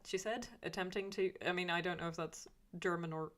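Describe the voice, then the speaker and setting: A woman's voice: fairly low pitch, steady tone, fairly quick, fairly bright tone. A woman streaming live in casual chat. She reads viewer comments aloud and rambles in answer, with many fillers and restarts. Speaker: YouTuber reading live chat.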